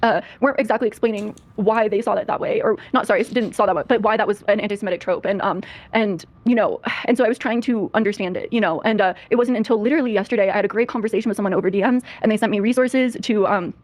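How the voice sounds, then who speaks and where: A tearful woman speaking as a podcast guest, halting and filling her speech with fillers and restarts. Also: medium pitch. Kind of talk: podcast discussion.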